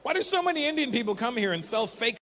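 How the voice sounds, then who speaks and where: A middle-aged man doing stand-up, teasing audience members in quick back-and-forth crowd work. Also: very high-pitched, big pitch swings, a bit bright, slight background noise. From Canada. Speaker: stand-up comedian.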